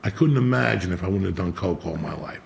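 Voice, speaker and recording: A man's voice: low voice, expressive, fast, vocal fry, a little hiss or hum. A middle-aged man telling a blunt, profanity-heavy personal story in casual chat as a podcast host.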